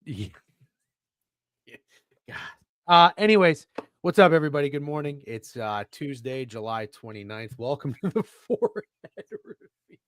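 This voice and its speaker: A man's voice: mid-range voice, big pitch swings, measured pace, no echo, studio quality. A young man co-hosting a casual sports betting show over a video call, joking and swearing while fussing with his camera. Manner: profane, joking, flustered by camera trouble. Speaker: podcast co-host.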